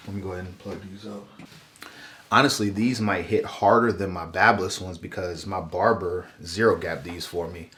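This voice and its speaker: Congested young man in an echoey bathroom. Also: fairly low pitch. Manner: relaxed, chatty, addresses viewers directly. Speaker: vlogger. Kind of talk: casual haircut tutorial. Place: small bathroom, indoors.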